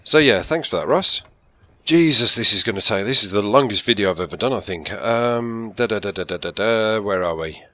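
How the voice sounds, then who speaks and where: A man's voice: fairly low pitch, animated, fairly quick, pushed and bright. A man with a Birmingham accent, chatting candidly and rambling through a casual Q&A as a gaming channel host. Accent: Birmingham (Brummie). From England. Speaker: YouTube gaming commentator. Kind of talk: casual Q&A chat. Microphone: gaming headset.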